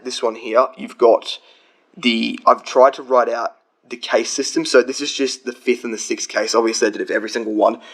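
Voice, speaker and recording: A man's voice: medium pitch, fairly bright tone, rough recording. A young man casually explaining grammar from his study notes, chatty and rambling, with frequent restarts.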